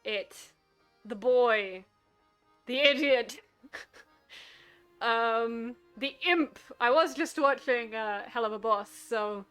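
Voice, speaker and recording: A woman's voice: a little high, takes it slowly, long pauses, a bit bright, clean tone, faint music behind. A giggly, playful woman streaming and chatting casually over a game from her living room.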